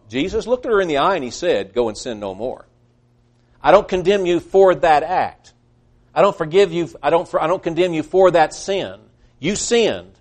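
A man preaching a sermon in an earnest, emphatic way, often quoting scripture at length. His voice sits a little higher than most men's. He seems to be speaking in a church. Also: darkish tone.

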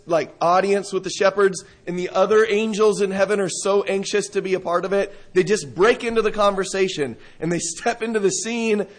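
High-voiced man preaching a sermon. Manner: reads scripture then explains it, rising to emphatic stresses; conversational, with restarts and rhetorical questions.

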